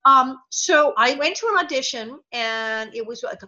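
Brief: woman in her sixties, higher bright voice, animated anecdote teller, slightly dull audio. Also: moderate pace. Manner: animated, laughing, voices quotes. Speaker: guest, former child actor. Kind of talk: anecdotal storytelling.

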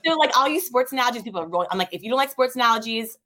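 A woman in her thirties, a guest in a casual interview, telling stories in a lively way with quick asides. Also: a little high. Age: 30s.

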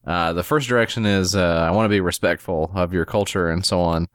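A man's voice: low voice, fairly even intonation, fairly quick, clean tone, dry recording, studio quality. An American man hosting a casual podcast chat, rambling and self-deprecating, swearing freely. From United States. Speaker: podcast host.

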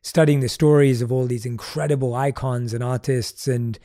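Male podcast host, mellow tone, earnest interviewer who backs the guest up. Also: mid-range voice, fairly even intonation, normal speed. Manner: earnest, affirming, many short backchannels. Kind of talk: interview conversation.

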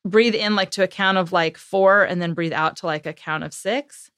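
A podcast interview features a woman, a parenting author, whose fairly low voice moves at normal speed in a dry, studio-quality recording. Casual and lively, she reenacts what she and her kids said while laughing and using fillers.

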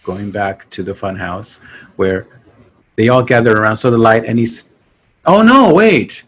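A man's voice: on the low side, measured pace, breathy edge. A man co-hosting a podcast, chatting casually about an old horror movie, laughing often and acting out the characters. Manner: laughing, animated, acts out characters. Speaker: podcast co-host.

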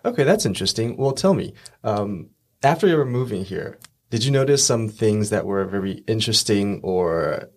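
A man's voice: lowish voice, expressive, normal speed. A man interviewing a guest in English, asking curious questions and joking with her in a teasing way. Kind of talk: casual interview chat.

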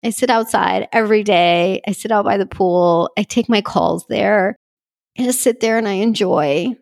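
A woman's voice: medium pitch, moderate pace, gravelly, darkish tone. A woman speaking in a personal vlog, gushing and heartfelt, emotional and close to tears. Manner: gushing, heartfelt, tearful at times. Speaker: vlogger speaking to her community.

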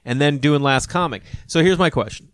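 A man's voice: a little high, a little fast, clean tone, dry recording. A man in his thirties or forties, a comedian hosting a podcast, chatting casually and rambling as he acts out the people he quotes. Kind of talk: casual conversation.

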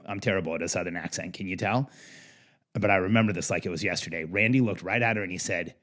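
A man's voice: sits low, quick pace, a bit bright. A man who works as a business coach, telling a work anecdote in a casual, candid way. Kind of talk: storytelling monologue.

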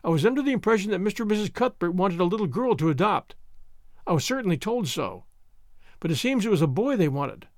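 A man voicing a brisk, chatty middle-aged hostess who bustles and talks over everyone in a storybook reading. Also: high voice, expressive, no room sound, clean studio sound. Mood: bustling. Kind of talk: audiobook character reading.

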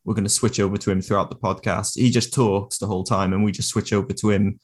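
Brief: man, lowish voice, deadpan podcast co-host bantering. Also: fast, breathy edge.

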